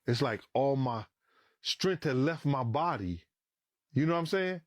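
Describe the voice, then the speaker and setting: A middle-aged man telling a story as a podcast guest in a casual, animated way, swearing freely and acting out what people said. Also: mid-range voice, unhurried, no room sound, studio quality. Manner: animated, acts out quoted dialogue, swears freely.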